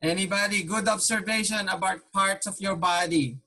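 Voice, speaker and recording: A man's voice: high voice, steady tone, normal speed, pushed and bright. Man, language teacher, online class, patient, repeats questions, switches between two languages. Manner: patient, repeats questions, mixes Tagalog and English. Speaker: Tagalog teacher.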